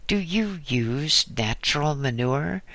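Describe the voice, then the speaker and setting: A man playing a visiting clergyman who answers dryly and keeps steering the talk elsewhere. The voice is bright and close, with unhurried delivery. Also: on the high side, lively intonation, no echo, voice pushed up, heavily acted. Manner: dry, changes subject. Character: visiting male clergyman, dry and distracted.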